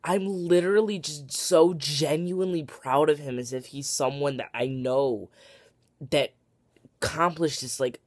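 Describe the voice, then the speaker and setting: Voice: medium pitch, unhurried, no echo. A young adult vlogger talking casually to camera at home, gushing and emotional, tired and rambling with many fillers and restarts. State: tired and worked up. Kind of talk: casual late-night vlog to camera.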